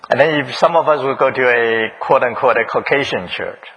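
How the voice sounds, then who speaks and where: Husky gravelly pastor questioning his flock. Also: medium pitch, fairly quick, dull audio. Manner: questions the congregation, repeats their answers, chuckles often. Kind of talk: interactive sermon.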